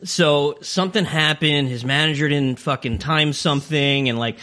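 Young guy on a podcast, swears a ton, bright, a bit high voice, tells stories fast and loose. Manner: profane, animated storyteller. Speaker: podcast guest. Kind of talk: casual storytelling chat.

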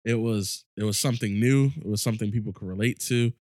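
A man co-hosting a podcast in casual chat, telling stories in animated, excited bursts. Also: lowish voice, fast, no room sound, clean studio sound. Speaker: podcast co-host.

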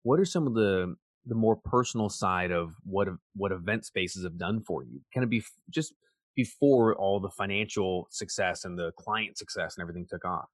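A man's voice: low voice, normal speed, no echo, clean studio sound. A man hosting an interview, asking rambling, searching questions. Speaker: podcast host. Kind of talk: casual interview.

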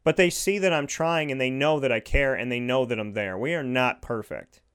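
A man's voice: mid-range voice, lively intonation, brisk, fairly bright tone, smooth. A man giving an earnest, heartfelt motivational monologue, repeating his points for emphasis.

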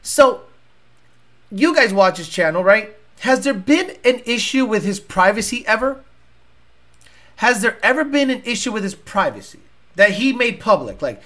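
A man's voice: high-pitched, sing-song, a little slow, a bit bright. A man hosting a talk show, ranting in a blunt, profane and combative way. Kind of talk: casual rant.

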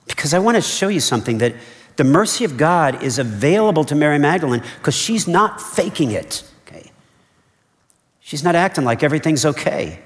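A pastor with a highish, very animated voice preaches a sermon fairly quickly. He is earnest and conversational, repeating his key points and checking in with "okay?", and the recording carries the long reverb of a large hall.

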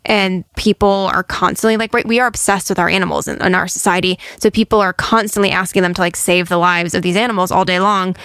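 A woman's voice: lowish voice, quick pace, few pauses, clean tone, no echo. Chatty woman podcast host, dry sound. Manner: chatty and expressive, acts out quotes. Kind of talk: casual chat.

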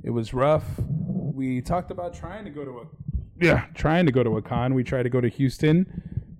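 A mellow, warm-voiced man talks loosely and casually as the host of a livestream. He rambles a little and drops the odd curse word offhandedly. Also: mid-range voice, moderate pace. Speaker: podcast host.

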